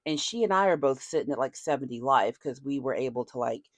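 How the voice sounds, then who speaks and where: Low-voiced, lively chatty woman. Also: quick pace, dry recording. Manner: chatty, rambling storyteller with casual slang. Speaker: card game vlogger. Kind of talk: casual chat while opening card packs.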